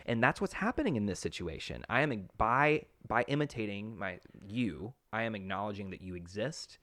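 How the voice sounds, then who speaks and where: A man's voice: fairly low pitch, normal speed, no room sound, studio quality. A man co-hosting a casual podcast, telling stories with energy and acting out quoted lines. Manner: animated storyteller, acts out quotes. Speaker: podcast co-host. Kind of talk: casual analytical chat.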